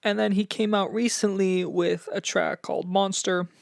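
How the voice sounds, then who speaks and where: Clean studio audio with no room sound captures a young podcast host's high, flat voice with vocal fry, at a normal speed. Reviewing music alone, he comes across as somewhat nervous and a bit breathless, chattering along and frequently restarting or using fillers.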